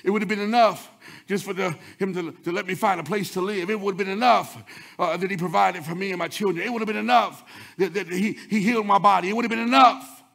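Male preacher, high and bright, gravelly edge, shouts and sings the lines. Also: fairly even intonation. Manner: preaching, swinging from loud chanted shouts to low quick murmurs. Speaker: pastor. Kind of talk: sermon.

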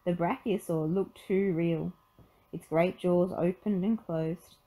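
A woman reading a children's picture book aloud in an expressive storytelling manner. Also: lowish voice, slow, rough recording.

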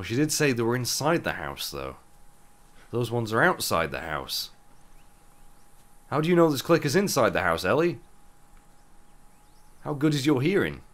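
Groggy man with a lively low voice. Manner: chatty, loose asides and self-corrections. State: groggy, with a rough morning voice. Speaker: gaming YouTuber. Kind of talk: let's play commentary.

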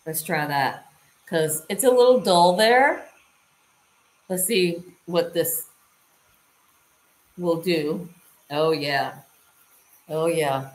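In an echoey room, a slow-talking lifestyle vlogger with a lowish voice gives a casual how-to demonstration. She keeps up a chatty conversation with viewers as she works.

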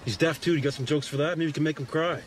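An actor playing a rowdy, foul-mouthed trailer park hustler who blusters and swears. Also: male voice, fairly high pitch, noisy background, close to an everyday voice. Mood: smooth-talking. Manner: loud, swearing, quick-talking bluster. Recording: film audio with loud ambience.

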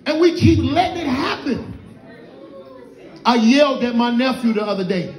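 A middle-aged male comedian with a very high voice, swearing his way through stories in loud, animated bursts. His voice echoes around a roomy club lounge over a stage mic. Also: moderate pace, long pauses. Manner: loud, profane, animated storytelling. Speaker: stand-up comedian. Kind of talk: stand-up comedy set.

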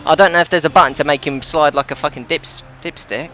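A man giving live commentary over his own football video game match, frustrated, swearing often and yelling at his players. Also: medium pitch, brisk, few pauses, soft background music. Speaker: gaming commentator.

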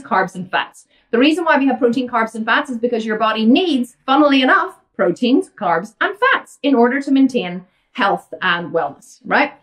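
Fast, blunt Irish woman. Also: on the high side, far from the mic. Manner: fast, blunt and emphatic, ranting with rhetorical questions. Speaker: fitness coach answering viewer questions. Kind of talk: casual Q&A talk to camera.

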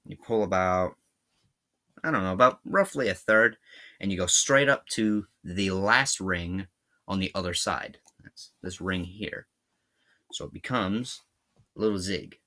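A Scottish man with a low, bright voice talks through a hands-on tutorial. He is chatty and informal and thinks aloud as he works. The voice keeps a forward, forceful edge. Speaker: how-to video host.

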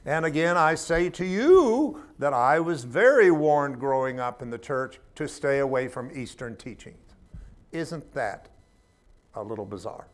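A man's voice: medium pitch, animated, slow, long pauses. A man teaching a spiritual class in an informal sermon style, talking in a conversational, emphatic way with humorous asides.

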